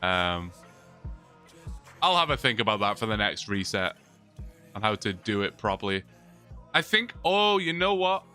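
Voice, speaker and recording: A man's voice: on the low side, very animated, measured pace, long pauses, pushed and bright, clean tone, soft background music. A young man chatting casually on a long livestream, rambling, reading chat and laughing often, his mouth sore from talking.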